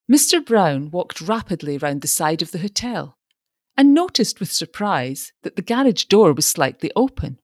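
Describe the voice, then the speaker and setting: A woman reading a novel aloud as audiobook narrator, with expressive storytelling. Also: low voice, normal speed, no room sound, clean studio sound. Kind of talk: scripted narration.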